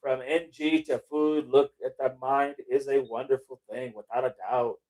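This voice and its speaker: A middle-aged man hosts a casual livestream, reading viewer chat aloud and drifting off on tangents, losing his train of thought, laughing and swearing casually. His voice is mid-range and a little mellow, with flat delivery at normal speed.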